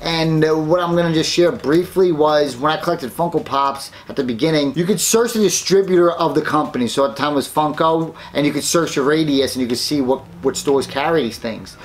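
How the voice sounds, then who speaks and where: A man hosting a casual unboxing vlog, excited and chatty, rambling about his finds. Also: fairly high pitch, fairly quick, few pauses. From New York, United States. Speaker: host.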